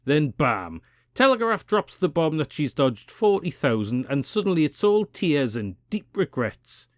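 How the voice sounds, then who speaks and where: A man's voice: a little high, sing-song, a little slow, dry recording, studio quality. A man with a Geordie accent hosting a political rant channel, swearing freely and mocking his targets with biting sarcasm. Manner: profane, sarcastic, combative. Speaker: political commentary channel host.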